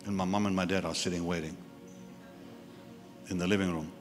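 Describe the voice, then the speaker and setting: Preaching a sermon at a live church service, this man tells a personal story and acts out the voices of its characters. His voice sits low, with fairly even intonation and a fairly quick pace. The recording was made in a live church hall with reverb and music.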